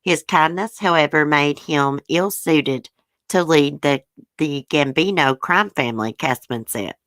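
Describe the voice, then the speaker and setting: Woman, low pitch, dry close-mic sound, casual livestream chat, frank and opinionated. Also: a bit bright, no room sound. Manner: chatty, frank and opinionated, talks back to viewer comments. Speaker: livestream host. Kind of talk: casual chat reading news and viewer comments.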